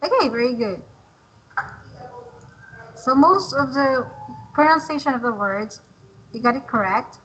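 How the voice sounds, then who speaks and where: A woman tutoring English, patient and encouraging, modeling words slowly for a learner. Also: high-pitched, animated, a bit bright, slight background noise, poor audio. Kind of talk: online English lesson.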